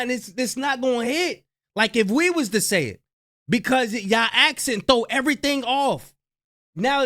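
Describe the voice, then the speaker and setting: Animated high-voiced New man. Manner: animated, trash-talking, slangy. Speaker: reaction channel host. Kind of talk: casual reaction commentary.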